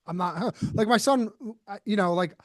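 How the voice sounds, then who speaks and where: A man's voice: high-pitched, normal speed, dry recording, clean studio sound. A man from New Jersey hosting a podcast, talking loosely and jokingly, with lots of "like" and restarts. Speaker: podcast host. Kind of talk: casual podcast interview.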